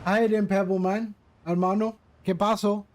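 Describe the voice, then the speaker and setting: A man's voice: sits high, level tone, normal speed, darkish tone. A man casually chatting with his live-stream viewers while flying a simulator, greeting them by name and joking around. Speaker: flight sim streamer.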